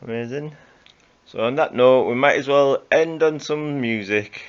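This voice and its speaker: A man's voice: medium pitch, a little slow. A man hosting a news roundup with casual, jokey commentary and mocking asides. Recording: dull lo-fi sound.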